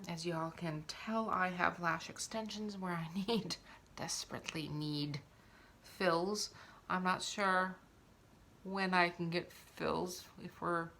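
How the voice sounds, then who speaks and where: A woman's voice: on the low side, a little hiss or hum. A woman chatting casually through a makeup tutorial at home, talking while she applies it. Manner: chatty, relaxed, talks while applying makeup.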